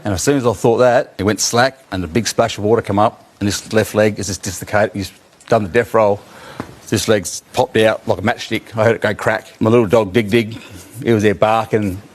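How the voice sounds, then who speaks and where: A man with an Australian accent, telling a story from his own life in an animated, colloquial way and often laughing. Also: on the low side.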